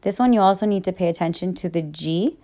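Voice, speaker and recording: A woman's voice: fairly low pitch, fast talker, dark tone. A woman teaching Spanish grammar in a recorded lesson, patiently walking through each rule one step at a time.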